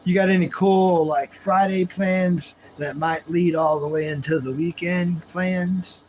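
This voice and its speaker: Laid-back high-voiced streamer guy. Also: steady tone, measured pace, a little mellow, a little hiss or hum, rough recording. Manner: laid-back, chatty, laughs often, drawls greetings. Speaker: livestream host. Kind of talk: casual chat with live viewers.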